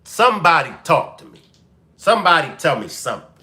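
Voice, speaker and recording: Animated man hosting a live commentary. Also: fairly high pitch, a little fast. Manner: animated, repeats questions to the chat. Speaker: commentary show host.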